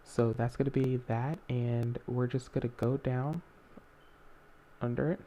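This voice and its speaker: A man's voice: medium pitch, fairly even intonation, a little slow, warm tone, a little hiss or hum. A young man hosting a casual screen-recorded art tutorial, talking in a rambling way with many fillers and self-corrections.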